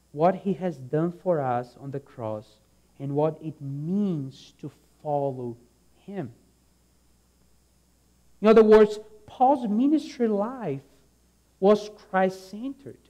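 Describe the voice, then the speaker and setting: A man delivering a sermon at a slow, deliberate pace. His tone is warm and mellow, and he is earnest and emphatic, often repeating a key phrase and trailing off softly at the ends of lines. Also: a little high. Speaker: preacher.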